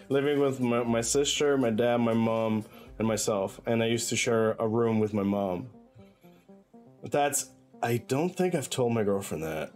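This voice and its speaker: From his bedroom, a male livestreamer with a mid-range voice chats loosely while gaming, relaxed and unhurried. He rambles and laughs often, giggly throughout, with soft game music playing underneath.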